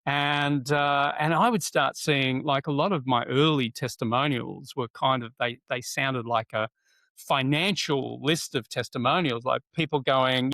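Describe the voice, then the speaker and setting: A middle-aged man, a guest telling stories in a casual interview, animated, with many fillers and restarts, acting out what people said. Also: mid-range voice, moderate pace, vocal fry, dry recording. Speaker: guest, NLP trainer.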